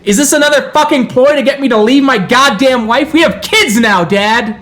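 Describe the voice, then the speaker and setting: A man voicing an angry grown son who curses and shouts at his father. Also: on the high side, level tone, measured pace. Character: angry adult son, cursing and defensive.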